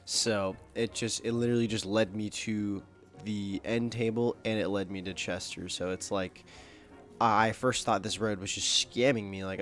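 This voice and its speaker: A young man with a fairly low voice rambles through his gameplay commentary. He talks loosely and swears a lot, full of fillers and restarts. Faint music plays behind him. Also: steady tone, normal speed, a bit bright. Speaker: gaming video creator. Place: home, at his computer.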